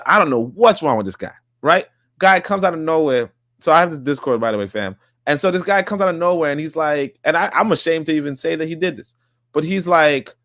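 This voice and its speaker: A man's voice: a little high, fairly bright tone, no room sound, studio quality. A man talking as a podcast guest in casual debate, rambling, repeating himself and swearing.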